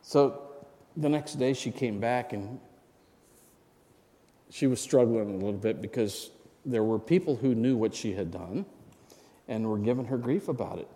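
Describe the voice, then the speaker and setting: A man in his sixties preaches a sermon, telling a personal story in a conversational way and now and then asking the congregation for an amen. His voice is mid-range and dark in tone, animated but measured, with long pauses. The recording carries a long hall reverb.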